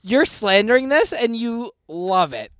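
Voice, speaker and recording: A man's voice: very high-pitched, very animated, unhurried, fairly bright tone, smooth, no echo, studio quality. A young man co-hosting a casual comedy podcast, teasing and bickering with his friend. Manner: teasing, argumentative banter. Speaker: podcast co-host.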